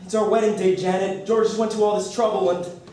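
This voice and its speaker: A man's voice: high voice, level tone, brisk, mellow, a little hiss or hum, lightly acted. A man playing an earnest, lovesick young groom in a stage musical. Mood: pleading. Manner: earnest and pleading. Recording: echoey stage from far off.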